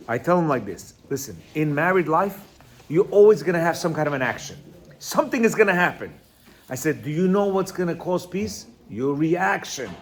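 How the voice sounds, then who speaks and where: Animated man teaching, lively pitch. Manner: reads quotes aloud, then explains with asides and constant "you hear?", "right?"; sometimes stumbles over Hebrew words. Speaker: marriage coach and teacher. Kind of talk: informal religious teaching talk.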